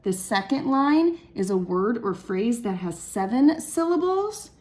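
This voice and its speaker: A young woman teaches children how to write a poem, thinking aloud as she works. Her voice sits a little high and she takes her time, counting syllables slowly and patiently. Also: big pitch swings, darkish tone. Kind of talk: classroom lesson for children.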